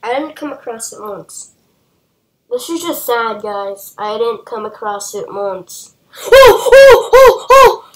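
A woman's voice: medium pitch, a little slow, rough recording. A woman doing gameplay reaction commentary, talking to her viewers with lots of exclamations. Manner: exclamatory, addresses viewers as guys. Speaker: gaming YouTuber.

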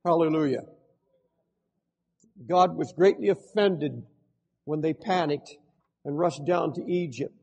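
An older man preaching a sermon as pastor, with fervent swings between shouting and hushed tones. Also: fairly high pitch, takes it slowly, gravelly, long pauses, breathy edge, in a large hall.

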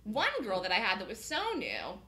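A woman's voice: medium pitch, huge pitch swings, normal speed, gravelly, sharp tone, reverberant. A woman coaching a trading student in a live lesson, emphatic and repeating her points.

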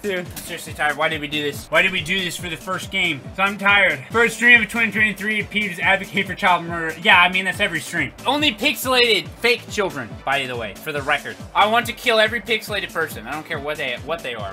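A male streamer narrating his gameplay in loud, jokey bursts, often yelling at the screen. His voice sits high and bright, swinging widely in pitch, with faint game music behind him. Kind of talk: excitable gameplay commentary.

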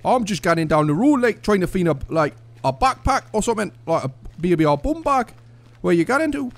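A man's voice: sits high, big pitch swings, normal speed, voice pushed up. A man putting on a Geordie accent as a chummy, nosy stranger in online game voice chat. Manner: overly friendly, prying.

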